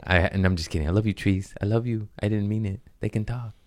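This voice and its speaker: A man's voice: lowish voice, fast, dry recording, clean studio sound. A man hosting his own podcast in a rambling, comedic monologue, joking, swearing and laughing often at himself. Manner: joking, profane, self-mocking, laughs often. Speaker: podcast host. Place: his apartment.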